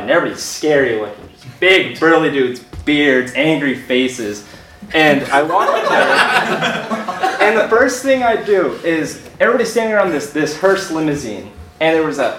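A man's voice: fairly high pitch, lively intonation, brisk, a bit bright. A young man telling a comic personal story on stage to a live audience, laughing and self-deprecating. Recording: echoey room from far off, faint noise.

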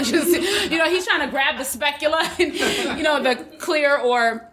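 A woman's voice: high-pitched, moderate pace, a bit bright. A woman telling a comic story at a live show, brash and profane, laughing often.

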